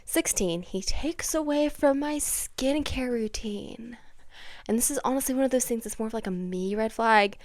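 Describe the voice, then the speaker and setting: A young woman chatting casually on her vlog, swinging from hushed asides to dramatic near-yelling. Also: on the high side, moderate pace, no room sound, studio quality. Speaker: vlogger. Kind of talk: casual chat.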